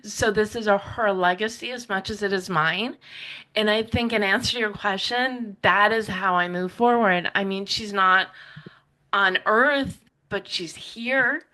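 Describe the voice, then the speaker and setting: A woman speaks as an interview guest in a bright, forward voice. She is reflective and heartfelt, and her sentences run on quickly with frequent restarts. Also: mid-range voice, rough recording. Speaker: podcaster and writer, interview guest. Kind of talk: heartfelt conversational interview answers.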